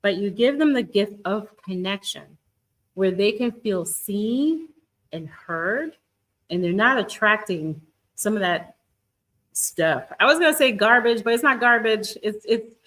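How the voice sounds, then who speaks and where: A middle-aged woman talks straight to her live-stream viewers in an encouraging, coaching way. Her voice sits at a middle pitch, and she restarts her sentences often as she goes. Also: lively intonation, a little slow, fairly bright tone, low-quality recording. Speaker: twin flame guidance coach.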